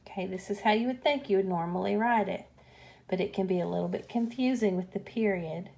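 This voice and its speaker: A woman teaching a grammar lesson, explaining punctuation slowly and patiently. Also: medium pitch, creaky, a little mellow.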